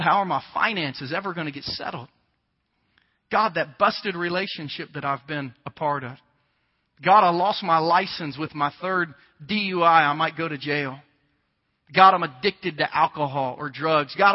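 A man with a high voice preaches a conversational sermon, slipping into quick acted-out exchanges and rising louder to drive points home. The sound rings with the long reverb of a large hall. The audio is slightly dull. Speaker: pastor.

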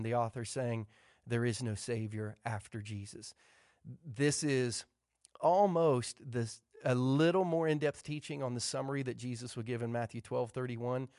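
A man's voice: mid-range voice, darkish tone, no echo, studio quality. A male pastor preaching a sermon, hammering his points home with emphatic repetition.

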